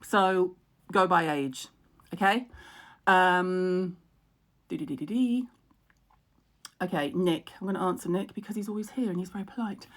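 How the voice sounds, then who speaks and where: A woman's voice: lowish voice, steady tone, moderate pace, a bit bright. A middle-aged woman hosting a live stream, chatting frankly, laughing at herself and answering viewer comments. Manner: chatty, frank and self-mocking, laughs a lot. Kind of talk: casual live-stream chat.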